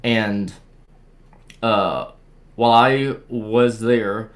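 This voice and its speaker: A young man telling a ghost story in casual chat, halting and repeating words as he restarts his sentences. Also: fairly low pitch. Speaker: guest sharing a paranormal experience. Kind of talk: casual storytelling on a video call.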